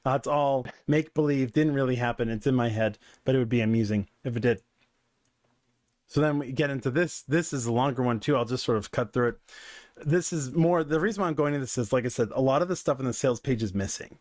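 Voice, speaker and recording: A man's voice: mid-range voice, quick pace, darkish tone, dry recording, studio quality. A man who coaches businesses, giving casual, digressive commentary with lots of fillers. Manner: conversational, digressive, filler-heavy.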